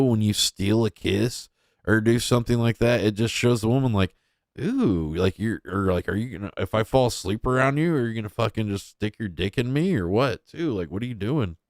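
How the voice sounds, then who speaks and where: A man's voice: mid-range voice, lively intonation, normal speed, no room sound, studio quality. A young man giving casual, crude and mocking reaction commentary as a streamer.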